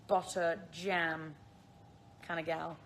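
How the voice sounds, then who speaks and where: She has a deep voice with little pitch movement and a slow pace, and there's slight background noise. A woman in her twenties with a British accent from the Isle of Man, she chats casually on a phone livestream, responding to viewers and often laughing at herself.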